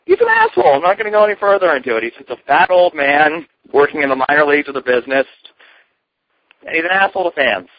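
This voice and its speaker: Fast-talking, blunt man on a podcast. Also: fairly high pitch, big pitch swings, dry recording. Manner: blunt, crude and dismissive. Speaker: podcast co-host. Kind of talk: casual wrestling talk show chat. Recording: dull lo-fi dry recording.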